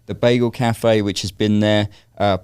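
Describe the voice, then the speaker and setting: Low, smooth Londoner telling stories. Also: male voice, fairly even intonation, normal speed, darkish tone, no room sound, clean studio sound. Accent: London English. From London, England. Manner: chatty anecdotal storyteller, wry asides. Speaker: guest, real estate broker. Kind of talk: casual interview chat.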